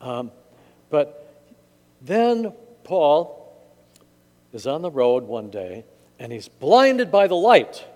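A man's voice: a little high, very animated, drawn-out words, pauses often, a little mellow. A male pastor reading scripture and preaching a conversational sermon with jokes in a church sanctuary. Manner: conversational, joking. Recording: long church reverb.

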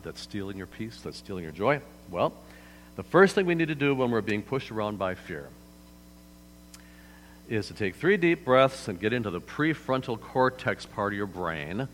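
A man's voice: fairly low pitch, a bit bright. A man preaching a sermon as pastor in a church hall, conversational, often turning to the audience with questions. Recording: hall reverb, faint mains hum.

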